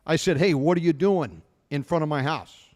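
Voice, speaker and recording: Middle-aged American radio host, spins animated anecdotes; higher pitch, reverberant sound. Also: male voice, moderate pace. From United States. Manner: animated anecdote teller, acts out dialogue. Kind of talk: casual storytelling chat.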